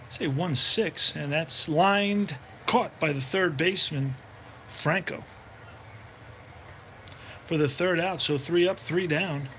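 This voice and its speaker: A man narrates a tabletop baseball game like a radio announcer, calling each roll and play in a relaxed, chatty manner. His voice sits a little higher than most men's. A faint hiss of noise runs under the recording. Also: slow pace, pauses often. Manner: relaxed, chatty, thinks aloud while looking things up.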